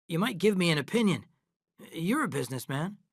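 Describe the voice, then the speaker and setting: A man's voice: on the high side, big pitch swings, fairly quick, slightly rough, no room sound, clean studio sound, pitched above the performer's own voice, heavily acted. Narrator voicing an earnest middle-aged man.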